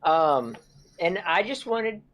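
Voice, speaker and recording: A man's voice: high-pitched, very animated, takes it slowly, fairly bright tone. A man co-hosting a gaming podcast in casual chat, laid-back and peppered with "dude" and "man". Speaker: podcast co-host.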